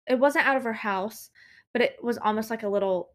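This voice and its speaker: A young woman chats on a podcast, her voice sitting a little high. She tells stories in a casual, easygoing way and jumps up in pitch whenever she acts out what someone else said. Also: brisk. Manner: chatty storyteller, acts out quotes with lively pitch jumps. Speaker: podcast co-host. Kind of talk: casual chat.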